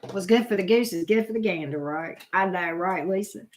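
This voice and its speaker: A middle-aged woman hosts a casual live-stream chat, reading viewers' comments aloud and reacting to their names with frequent exclamations. She's chatty, with a fairly low, brisk voice.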